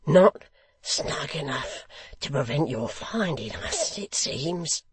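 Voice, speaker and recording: A man voicing a sullen, beaten young rioter who speaks in a sulky, gruff way. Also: on the high side, sing-song, slow pace, a bit bright, exaggerated voice. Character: sullen, wounded young rioter, whispering hoarsely.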